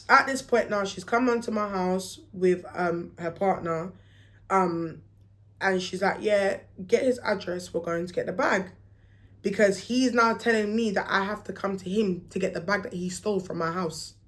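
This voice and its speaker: Young woman, casual storytime vlog, animated, slangy, plays out the dialogue. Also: mid-range voice, measured pace.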